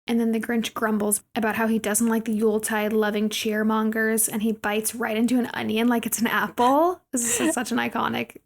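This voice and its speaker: Woman, podcast co-host, casual movie recap, slightly high voice, gravelly fry. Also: fairly even intonation, a little fast, few pauses. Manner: chatty, retells scenes and quotes lines.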